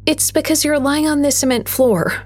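A woman's voice: high voice, normal speed, soft background music, voice pushed up, close to an everyday voice. A woman voicing a scared, pleading young girl. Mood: urgent, pleading. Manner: urgent, pleading.

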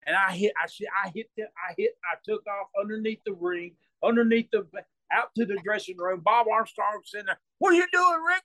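A storyteller guest with a fairly high pitch tells a meandering, casual story, laughing and repeating things as he goes. He loudly dramatizes the voices he quotes, and no room sound comes through.

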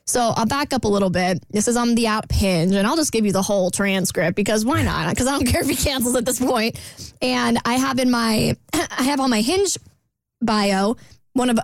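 A woman with a somewhat high voice tells a story on a radio show in a lively, chatty way. She is recorded dry and close in a studio booth. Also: no room sound. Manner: animated, recounting with quoted exchanges. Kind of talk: casual radio chat, storytelling.

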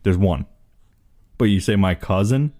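Laughing low-voiced man reading aloud. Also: unhurried, dark tone, dry recording, studio quality. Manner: giggly, breaks into laughter while reading. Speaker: co-host reading an entry aloud. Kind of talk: casual chat, reading text aloud with commentary.

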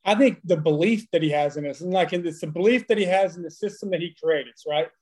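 A man in his thirties swaps profane baseball stories in a loose, animated way, often breaking into laughter. His voice sits fairly high for a man. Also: fast talker. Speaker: former baseball player, podcast guest. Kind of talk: casual storytelling chat.

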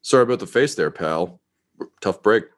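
A gruff, swaggering woman war hero, played by a man, talking down to everyone around her in a tabletop game. Her voice sits low and rough. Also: expressive, moderate pace, natural voice. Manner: gruff, brash, mocking.

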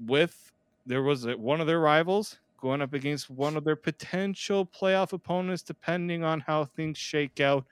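A man hosts a casual hockey podcast in a chatty, joking manner. His voice comes through smooth and clear, recorded close and dry with no room around it. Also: mid-range voice, no echo. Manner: chatty, jokey, self-deprecating. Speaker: podcast host. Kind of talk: casual sports podcast chat.

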